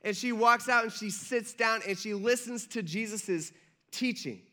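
A man preaching a relaxed sermon, his voice sitting high for a man. He talks in an easy, joking way and keeps turning to his listeners with quick check-ins. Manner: conversational, jokey, checks in with the audience. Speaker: pastor. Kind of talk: casual sermon.

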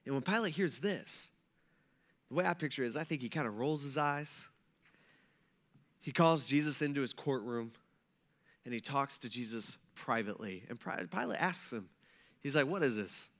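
A man preaching a sermon in a conversational, animated way, acting out the people he tells about. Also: mid-range voice, normal speed, pauses often. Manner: conversational, animated, acts out quotes. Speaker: pastor.

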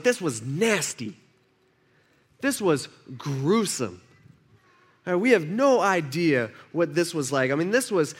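A man's voice: fairly high pitch, fairly bright tone. A man preaching a conversational sermon, acting out the voices he quotes. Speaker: pastor.

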